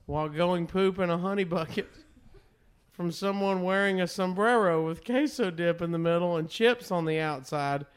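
High-voiced laughing man. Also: moderate pace, clean tone. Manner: laughs often, crude joking. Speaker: podcast co-host. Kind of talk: rowdy party banter. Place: house basement, party.

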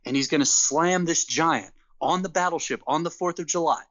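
A man co-hosting a casual podcast, ranting in an animated, exasperated way and laughing between points. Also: a little high, normal speed, no echo, muffled recording. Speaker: podcast co-host. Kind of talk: casual wrestling podcast chat.

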